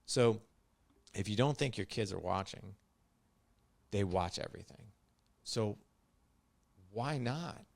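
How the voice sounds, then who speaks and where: A man's voice: medium pitch, vocal fry. A man in his late forties, a podcast guest, speaking directly and emphatically, often repeating himself as he makes a point. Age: 40s. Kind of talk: direct conversational talk.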